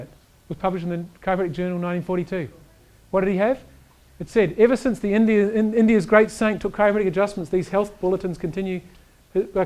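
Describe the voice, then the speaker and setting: A man giving an energetic chiropractic lecture, emphatic and animated, often checking in with "right?". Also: sits high. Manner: reads quotes aloud to the audience.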